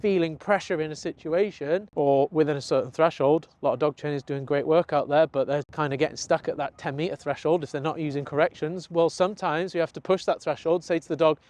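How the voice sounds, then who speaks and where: High-voiced man explaining dog training. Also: fairly even intonation, darkish tone. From United Kingdom. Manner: earnest, explanatory, acts out his dog's thoughts in quick asides. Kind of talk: talking-head training lesson.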